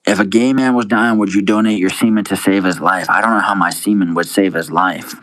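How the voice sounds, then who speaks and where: A man's voice: deep voice, fairly even intonation, brisk, a bit bright, no echo, low-quality recording. A young man on a casual livestream, reading viewer comments aloud and answering them with crude, profane, laid-back banter, calling everyone dude. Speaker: live streamer.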